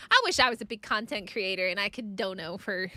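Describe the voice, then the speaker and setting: A woman streaming a video game live, commenting as she plays, excitable and quick to exclaim and laugh. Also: medium pitch.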